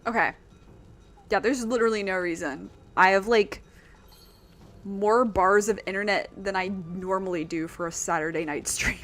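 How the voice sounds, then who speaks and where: A woman streaming a video game, chatting casually, excitable and cursing when things go wrong. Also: medium pitch, moderate pace. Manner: excitable, swears when frustrated. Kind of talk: casual live-stream commentary. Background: game music.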